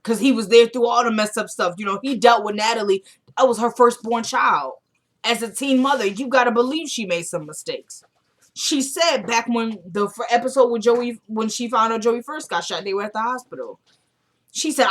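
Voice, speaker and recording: A woman's voice: medium pitch, normal speed, a bit bright. A woman casually recapping a TV episode, often acting out the characters' lines and asking "you know what I'm saying?". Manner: chatty, retells scenes by acting out quoted dialogue.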